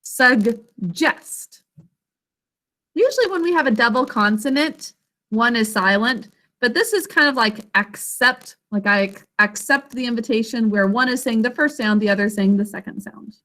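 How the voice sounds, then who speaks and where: A woman's voice: on the high side, moderate pace, bright, forceful tone. A woman teaching an online literacy lesson over a video call, carefully sounding out words and encouraging her students.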